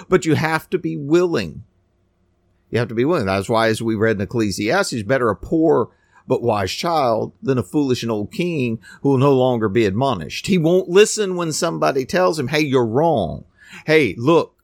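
Animated preacher man, lively pitch. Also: no room sound, clean studio sound. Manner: animated, scornful, rising to near shouts. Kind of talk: sermon.

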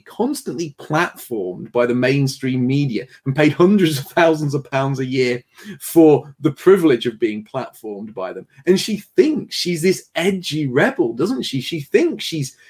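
A man hosting a livestream panel chat, reading viewer messages aloud with animated energy and frequent laughter. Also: fairly high pitch, slightly rough. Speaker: host.

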